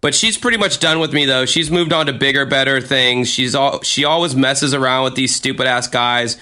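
A man's voice: mid-range voice, moderate pace, bright, forceful tone. A young American man reading his old journal aloud with a friend, self-mocking and swearing freely. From United States. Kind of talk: casual chat reading aloud.

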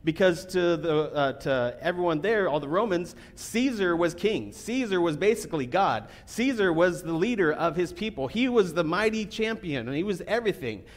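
A man giving a sermon as a pastor, talking casually with fillers and restarts, then reading scripture more quietly. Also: high voice, expressive, moderate pace, few pauses. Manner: conversational preaching with fillers, reads scripture quietly.

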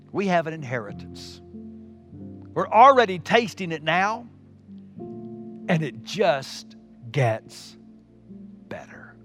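A middle-aged man preaching a sermon as pastor, swinging from loud emphasis down to a near whisper. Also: fairly high pitch.

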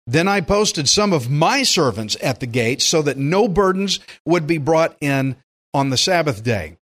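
Folksy older male pastor, higher voice. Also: lively intonation, measured pace, fairly bright tone. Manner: folksy and emphatic, acts out quotes. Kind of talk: verse-by-verse Bible teaching.

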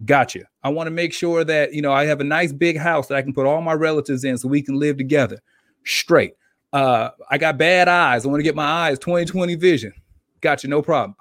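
Man, podcast co-host, casual chat, animated storyteller, mid pitch, dry close sound. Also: dry recording. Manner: animated storyteller acting out characters.

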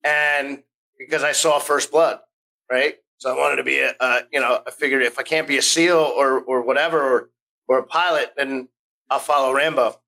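Bright-voiced American man telling stories. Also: mid-range voice, fairly even intonation, normal speed, gravelly, poor audio. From United States. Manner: rambling, restarts often, acts out quoted voices. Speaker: podcast guest. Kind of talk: casual storytelling interview.

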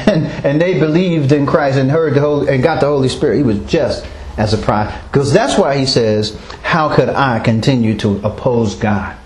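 Leading a Bible study, a man with a medium-pitched, slightly mellow voice puts questions to the group and chuckles frequently as he explains things. The room echoes noticeably, and there's faint noise in the background.

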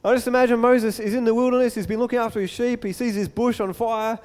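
High-voiced preacher in an echoey hall. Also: male voice, fast, smooth. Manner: animated storytelling, acts out the scene. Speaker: pastor. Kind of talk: sermon.

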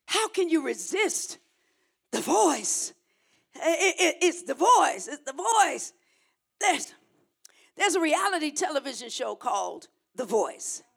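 Woman preacher, sermon; gravelly, emphatic, repeats lines for the crowd to echo. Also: high-pitched, big pitch swings, a little slow, fairly bright tone. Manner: emphatic, repetitive call-and-response preaching.

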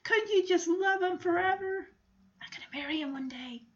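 A woman's voice: very high voice, normal speed, lo-fi sound, voice pushed up. A woman doing a swooning lovestruck little girl. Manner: gushing, swooning.

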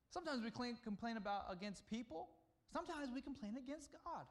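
High-voiced man preaching a sermon. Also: animated, slow, long pauses. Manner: conversational preaching, voicing God in soft hushed tones. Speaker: pastor.

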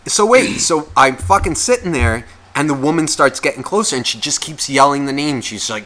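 A man co-hosting a podcast, telling stories in casual, profane, animated chat. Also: fairly high pitch, brisk, hardly any pauses. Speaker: podcast co-host.

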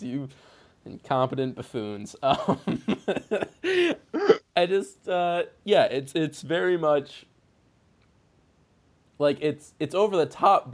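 A man talking casually about a film with a friend, laughing often and slipping into quick impressions of the characters. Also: fairly high pitch. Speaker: film podcast co-host.

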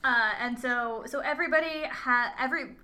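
A woman's voice: sits high, moderate pace, bright, forceful tone. A woman in casual conversation, recapping a film's plot with hesitant fillers and restarts. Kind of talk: casual movie recap chat.

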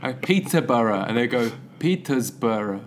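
A man's voice: medium pitch, fast talker, a little hiss or hum. A man from England co-hosting a podcast in casual chat, laughing his way through anecdotes. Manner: laughs while telling anecdotes. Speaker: podcast co-host.

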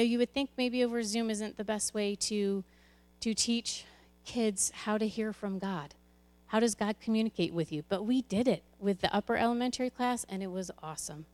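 A woman's voice: a little high, darkish tone, clean tone. A woman who leads a church's children's ministry, giving a candid, conversational personal testimony to a congregation, often restarting her sentences.

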